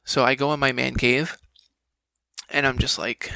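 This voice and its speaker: A man who voices video game characters, telling a story in a casual, animated way and acting out the quoted lines. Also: mid-range voice, a little slow, vocal fry, no room sound, low-quality recording. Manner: animated, acts out quoted dialogue. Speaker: guest, game voice actor.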